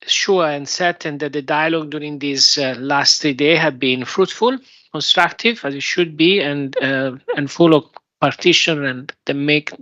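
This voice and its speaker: A man with an Italian accent delivers formal closing remarks in a bright, forceful tone. His pitch stays flat and he stops often on fillers and restarts. The sound is dry and dull, like lo-fi conference audio. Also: no echo. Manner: halting, with many fillers and restarts. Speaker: UN representative giving closing remarks. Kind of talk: formal speech at a workshop.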